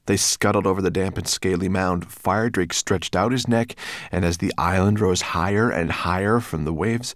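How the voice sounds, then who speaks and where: A man narrating a children's fantasy audiobook with expressive storytelling. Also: sits low, moderate pace, no room sound, clean studio sound.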